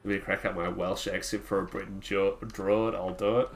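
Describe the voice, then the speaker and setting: A man's voice: deep voice, flat delivery, normal speed, soft background music. A man streaming a card game, chatting loosely with his viewers in a rambling way, full of "like" fillers. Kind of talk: casual live-stream chat while playing.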